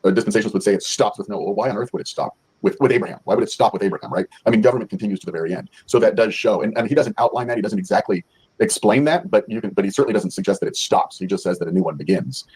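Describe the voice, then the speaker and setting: Deep, husky man explaining quickly. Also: darkish tone, rough recording. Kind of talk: casual livestream discussion.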